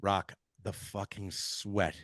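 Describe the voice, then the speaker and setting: A laid-back man hosting a podcast, asking loose questions in a lowish voice and swearing now and then. The recording is dry and close, with no echo around him. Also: level tone, slow pace, a bit bright. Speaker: podcast host. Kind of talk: casual interview chat.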